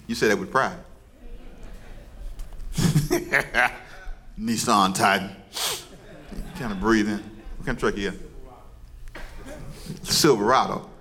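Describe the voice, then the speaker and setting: A man's voice: lowish voice, takes it slowly, pauses often, bright, forceful tone. A man preaching as pastor, leading his congregation in call and response and teasing them playfully. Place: church service before a congregation.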